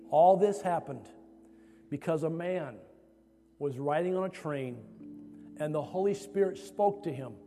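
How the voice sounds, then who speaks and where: A male preacher with a high-pitched voice tells a sermon story, building dramatically toward loud emphasis. His voice carries the long reverb of a large hall.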